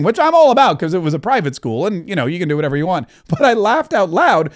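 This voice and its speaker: A middle-aged man hosting a podcast, telling anecdotes in casual commentary and laughing out loud as he acts out what people said. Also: high-pitched, big pitch swings, fast talker, few pauses. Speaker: podcast host.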